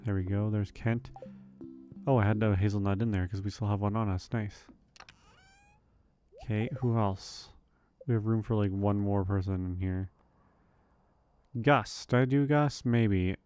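A man's voice: on the low side, steady tone, unhurried, long pauses, a little mellow, smooth, faint music behind. A man casually commenting on a farming game as he plays, thinking aloud with frequent ums and questions to himself. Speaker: let's play host.

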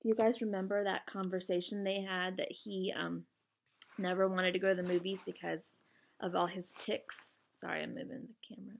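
A woman reads a novel aloud in a steady first-person narration, now and then breaking off for casual asides to her listeners. Her voice sits at a middling pitch with a gravelly, fry-tinged texture. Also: moderate pace, slight background noise. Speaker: reader.

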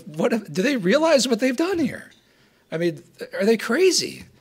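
Guy putting on a freaked-out old pope, voice jumps way up high. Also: sing-song, moderate pace, husky, heavily acted. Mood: incredulous. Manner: incredulous, exclaiming. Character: shocked newly elected older male pope.

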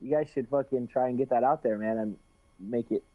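A man's voice: mid-range voice, brisk, no echo. A man rambling through a casual interview, restarting sentences and swearing freely. His voice comes through a tinny, phone-like line. The sound is dry and close. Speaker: guest fighter.

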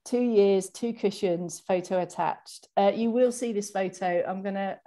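A woman's voice: medium pitch, unhurried, dark tone. A chatty woman hosting an online class celebration, reading messages aloud over a video call. She often restarts her sentences and has a mid-range voice. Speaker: online exercise class host.

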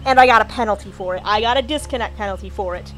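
A woman's voice: medium pitch, racing, a bit bright, faint music behind. A woman streamer giving casual gameplay commentary, chatty and grumbling, talking to the game's characters. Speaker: gaming streamer.

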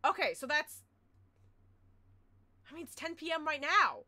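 A woman streamer chatting casually to her viewers through a headset mic, excitable and quick to loudly exclaim and complain. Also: high-pitched. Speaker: game streamer. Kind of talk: casual live-stream chat.

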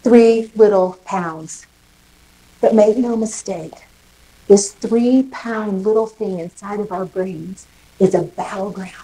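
A woman pastor preaching a sermon, lively and emphatic, putting questions to the congregation. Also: medium pitch, a little slow, low-quality recording. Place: church service in a rec center.

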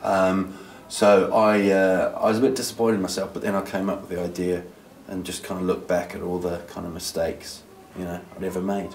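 A man's voice: low-pitched, level tone, a little fast, creaky, distant mic. A man, a comedian, chatting casually in an interview, rambling with fillers and acting out what people said. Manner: rambling with many fillers, acts out quoted voices. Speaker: comedian guest. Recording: roomy sound from off the mic, faint background noise.

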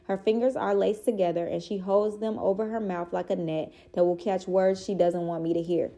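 A woman reading a children's chapter book aloud in a steady, expressive way. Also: mid-range voice, moderate pace. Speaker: reader.

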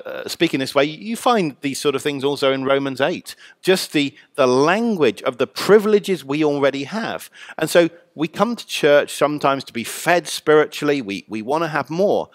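Measured male Bible scholar, dry sound. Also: medium pitch, dry recording. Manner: measured, thoughtful, with frequent "uh" pauses. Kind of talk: explanatory teaching.

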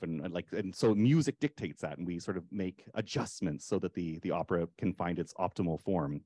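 A man with a lowish voice speaks at a public panel about his writing. He halts often and starts sentences over, filling gaps with ums. The sound is close and dry, with no room around it. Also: a little mellow, dry recording. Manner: halting, many fillers and restarts. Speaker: librettist. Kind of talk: panel discussion.

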